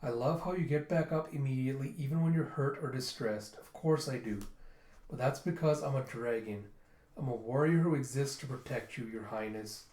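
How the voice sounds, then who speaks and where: A man voicing a gentle, devoted young male dragon warrior, speaking formally and earnestly. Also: medium pitch, normal speed, echoey room, lightly acted.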